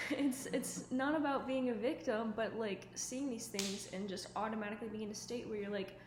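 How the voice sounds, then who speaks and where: A woman's voice: on the high side, steady tone, normal speed. Chatty woman in an echoey room. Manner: earnest and chatty, full of "like" and "um". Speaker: self-improvement vlogger. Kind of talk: casual advice monologue to camera. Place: at home indoors. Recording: echoey room with faint ambient noise.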